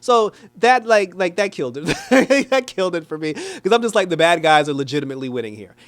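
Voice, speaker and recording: A man giving a casual, animated review of a TV episode, talking loosely with lots of "like" and quick laughs. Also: high-pitched. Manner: animated, chatty, frequent "like" and laughs; acts out characters in exaggerated quoted voices. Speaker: TV show reviewer.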